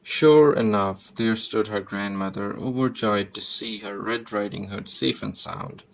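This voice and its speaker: A man narrates a children's fairy tale in a steady storybook manner. His voice is low and gravelly. He reads from a script. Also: unhurried, few pauses, slight background noise, low-quality recording.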